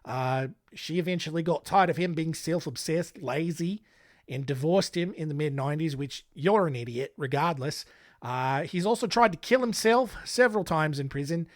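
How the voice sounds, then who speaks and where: A man's voice: on the high side, normal speed, no room sound, clean studio sound. American man in a wobbly fake Australian accent. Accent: put-on Australian accent that wanders toward British, Scottish and Irish. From United States. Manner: rambling, self-mocking, blunt asides. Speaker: podcast host. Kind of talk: casual podcast narration.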